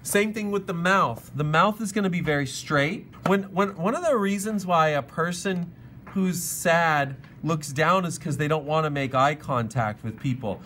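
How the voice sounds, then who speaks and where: A man talks a class through sketching expressive faces, chatting loosely as he draws and now and then acting out the expressions himself. His voice sits high and bright. A faint hiss of room noise runs underneath. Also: moderate pace. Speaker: art teacher. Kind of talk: live drawing lesson to a class.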